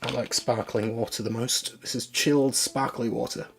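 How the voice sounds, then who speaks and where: A man's voice: medium pitch, fairly even intonation, normal speed, vocal fry, faint music behind. A man chatting casually on a live stream as he works, thinking aloud and talking to his viewers.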